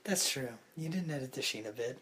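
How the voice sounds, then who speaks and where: A man's voice: medium pitch, lively intonation, a little fast, a bit bright. A young man co-hosting a podcast in casual chat, sick, playful and laughing often. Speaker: podcast co-host.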